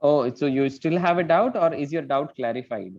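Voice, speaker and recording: Patient Indian-English math teacher on a call. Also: male voice, a little high, moderate pace, darkish tone. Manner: patient, checks in with "right?". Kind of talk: online math class. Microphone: video call. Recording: dull lo-fi call audio.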